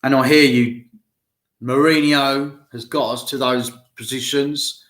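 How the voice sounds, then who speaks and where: A man's voice: mid-range voice, steady tone, unhurried, a bit bright. A man talking football to his fans in a loose, rambling solo chat, speaking to them directly. He has a nagging cough and takes his time over his words. His voice bounces around a roomy, echoey space. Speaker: football fan vlogger. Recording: roomy echo.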